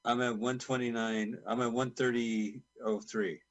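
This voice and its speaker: A man's voice: medium pitch, flat delivery, a little slow. A man co-hosting a casual watch-along chat, teasing his partner in dry banter. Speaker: podcast co-host.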